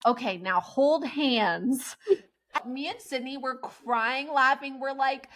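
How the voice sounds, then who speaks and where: A woman's voice: sits high, takes it slowly. A woman co-hosting a podcast, telling a story in casual chat and acting out the quotes, often with laughter. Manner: animated, laughing, acts out quotes in raised voices. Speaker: podcast co-host.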